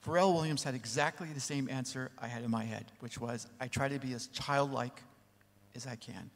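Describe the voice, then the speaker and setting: A man who is a record producer telling a story on a panel, animated and full of lively asides. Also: medium pitch. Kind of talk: anecdotal panel talk. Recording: long reverb in a large hall.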